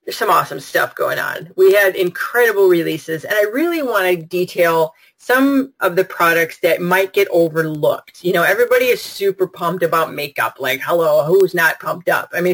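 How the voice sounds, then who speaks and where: A bubbly woman hosts a live online product webinar. She gushes in a chatty, excitable way and speaks straight to her viewers as they comment. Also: on the low side, low-quality recording. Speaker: webinar host.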